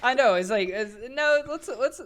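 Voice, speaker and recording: A man's voice: extremely high pitch, expressive, normal speed, fairly bright tone, smooth. A man co-hosting a casual podcast chat, joking and chuckling through his sentences. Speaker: podcast co-host.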